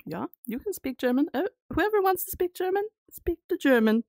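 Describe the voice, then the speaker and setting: A woman streaming a game live, commenting casually, excitable, laughing often and swearing freely. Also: sits high, a little fast, no room sound, clean studio sound.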